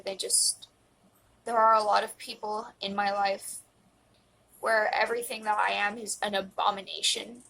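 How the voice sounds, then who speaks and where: A woman's voice: mid-range voice, creaky, fairly bright tone, a little hiss or hum, low-quality recording. A woman in her twenties speaking earnestly into a phone in a personal confessional vlog, emotional and close to tears, at times dropping to a whisper. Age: 20s. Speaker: vlogger.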